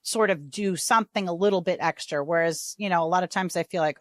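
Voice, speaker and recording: A woman hosting a podcast in casual interview chat, talking in a chatty, animated way and acting out the voices she quotes. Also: fairly low pitch, a little fast, no room sound, studio quality. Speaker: podcast host.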